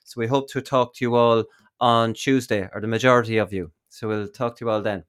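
A young Irish man hosts a chatty sports podcast at an ordinary, middle-of-the-road pitch. He tells stories with animated disbelief, chuckling as he goes. The talk stays loose and friendly among the lads. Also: a little fast, clean tone. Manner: animated, incredulous, laughing storyteller. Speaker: podcast host. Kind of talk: casual sports podcast banter.

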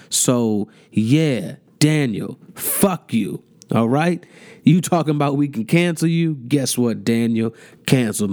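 A podcast host with a mid-range, slightly mellow voice goes on a casual rant. He gets heated, profane, and mocking, repeating himself a lot.

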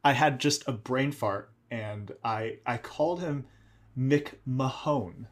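A man's voice: medium pitch, a little slow, a bit bright. A man who hosts trivia, telling stories on a podcast and poking fun at his own mistakes. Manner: self-deprecating storyteller, quotes people in his stories. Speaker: trivia host. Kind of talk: casual podcast chat.

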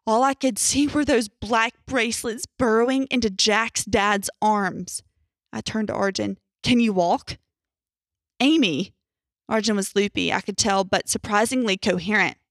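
A young adult woman reading a horror story aloud in a tense, measured first-person narration. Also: medium pitch, fairly even intonation, fairly bright tone, no echo, clean studio sound.

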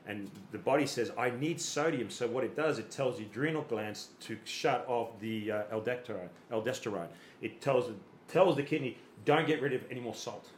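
There's a little hiss or hum and a roomy echo as a medium-pitched man coaches athletes on a podcast. He uses everyday analogies and small acted-out quotes and tends to repeat words while he thinks.

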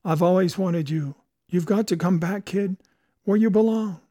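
A man reading a story voices an old male theatre veteran who declares himself loudly and with passion. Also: high-pitched, moderate pace, dry recording, studio quality, voice pushed up. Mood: ardent.

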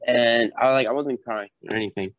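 A man's voice: mid-range voice, a little fast, no echo. A young man, a podcast guest, casually telling a story and acting out what people said. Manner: animated, acts out quotes. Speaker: podcast guest, former recruit.

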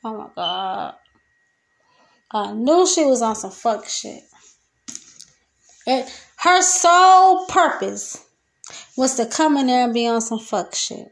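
A woman's voice: on the high side, unhurried, gravelly, darkish tone. A young woman hosting a solo podcast, venting in a loose, profane, laughing rant from her kitchen. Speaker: podcast host. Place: home kitchen.

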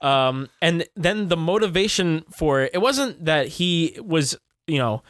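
A man's voice: fairly high pitch, animated, a little slow, fairly bright tone, dry recording. A young man co-hosting a casual movie review podcast, talking in a blunt, laid-back way and swearing now and then. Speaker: podcast co-host.

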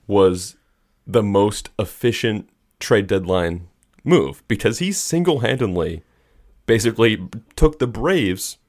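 A man's voice: lowish voice, lively intonation, slow, a little mellow. A young man co-hosting a sports podcast, talking in a laid-back, hesitant way as he thinks aloud. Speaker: podcast co-host. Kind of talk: casual sports chat.

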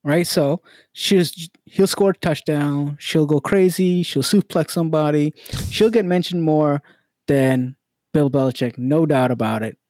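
A man co-hosting a casual sports podcast, talking in a relaxed, hedging way. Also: fairly high pitch, measured pace, no room sound. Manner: relaxed, hedging, laid-back. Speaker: podcast co-host. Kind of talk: casual banter about football bets.

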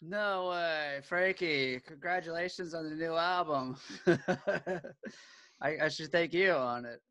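A man's voice: fairly high pitch, moderate pace, sharp tone, dry recording, low-quality recording. A man hosting a casual interview podcast, eager and upbeat, talking with plenty of fillers and restarts. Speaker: podcast host.

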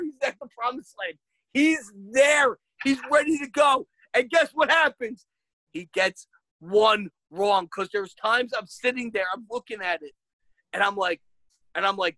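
A woman's voice: high-pitched, pushed and bright, dry recording, poor audio. A woman co-hosting a casual chat, ranting in exasperation with lots of swearing and bursts of laughter. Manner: rises to shrieking when worked up.

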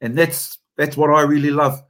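A man with a New Zealand accent, a haka teacher and company founder, telling stories in an animated, emphatic way during a casual interview. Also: fairly high pitch, moderate pace.

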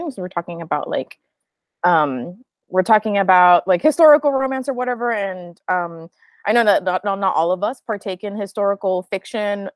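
Relaxed woman hosting a book chat. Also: mid-range voice, no echo. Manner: relaxed, rambling, restarts. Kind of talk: casual book discussion.

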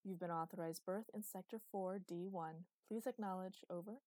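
A smooth female station AI reads out clearances in formal radio protocol, as a woman narrator puts her on. The delivery sits slightly higher and louder than the narration, and the recording is dry and close. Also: moderate pace, no room sound, natural voice.

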